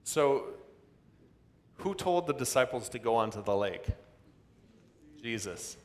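A man's voice: mid-range voice, lively intonation, slow pace. Male pastor, dramatic preaching delivery, reverberant church hall. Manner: preaching with sudden loud outbursts and dramatic quoted voices. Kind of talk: sermon. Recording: long reverb of a large hall.

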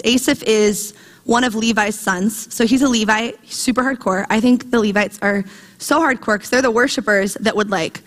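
A woman in her thirties preaching a conversational, animated sermon, telling stories from her week. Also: medium pitch. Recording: long hall reverb.

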